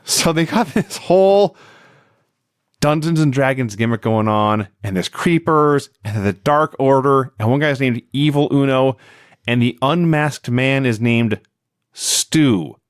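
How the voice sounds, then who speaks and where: A man's voice: measured pace, clear, resonant tone, dry recording, clean studio sound. A man co-hosting a podcast, giving a wry, laughing recap of a wrestling show in casual chat. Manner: wry, laughing recap with lively swings in pitch.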